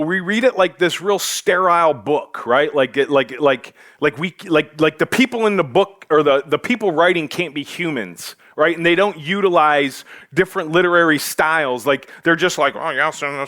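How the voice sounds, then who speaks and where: A man's voice: on the high side, moderate pace, hardly any pauses, fairly bright tone, no echo, studio quality. A male pastor preaching a sermon in a church, joking with the congregation in a loose, conversational way full of fillers.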